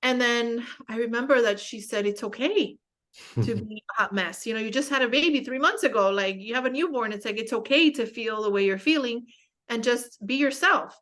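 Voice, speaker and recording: A young woman with a fairly high voice talks as a guest on a casual spiritual show. She tells stories in a candid, self-mocking way and often stops to restart her sentences with fillers. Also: fairly quick, fairly bright tone.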